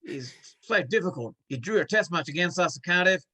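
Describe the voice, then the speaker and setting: A man's voice: sits high, animated, fairly quick, bright, forceful tone, husky, heavily acted. A man doing an Australian accent as a blunt cricketer, speaking in matey, sledging banter. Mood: gruff.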